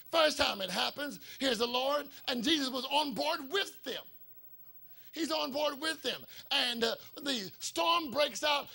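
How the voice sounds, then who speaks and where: High gravelly-voiced preacher telling a story. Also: male voice. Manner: storytelling preacher acting out dialogue, swings from quiet to shouting. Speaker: pastor. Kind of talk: sermon. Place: church sanctuary.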